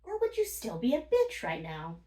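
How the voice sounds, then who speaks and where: A woman's voice: a little high, huge pitch swings, normal speed, mellow. A woman vlogger telling casual stories, blunt and profane, laughing often as she talks. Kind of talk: casual storytime monologue. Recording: roomy, from a distance.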